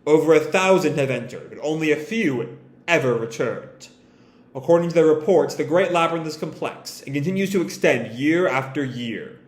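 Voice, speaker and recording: Man reading ancient solemn male dragon, comic lines, grave and measured, echoey room. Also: a little high, expressive, lightly acted. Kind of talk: reading comic dialogue aloud.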